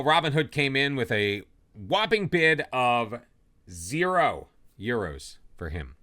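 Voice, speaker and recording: Chatty man hosting a football manager playthrough. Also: sits low. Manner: chatty, self-deprecating, lively ups and downs. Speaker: let's play host. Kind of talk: casual gameplay commentary.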